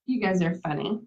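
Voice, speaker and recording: A woman's voice: medium pitch, darkish tone. A woman giving a casual live craft demonstration, chatty, laughing easily and talking straight to her viewers. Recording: dull lo-fi sound.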